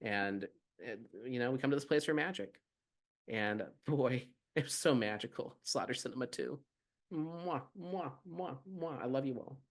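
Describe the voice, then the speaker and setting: Guy cohost on a podcast, rambling and goofy, regular pitch. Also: moderate pace. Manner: rambling and playful. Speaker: podcast co-host. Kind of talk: casual podcast chat.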